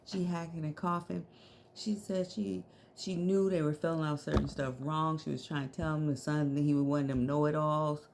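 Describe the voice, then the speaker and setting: A woman's voice: sits low, steady tone, normal speed, gravelly, a little mellow, a little hiss or hum. A middle-aged woman telling a story to her viewers in a casual, slangy way, laughing often.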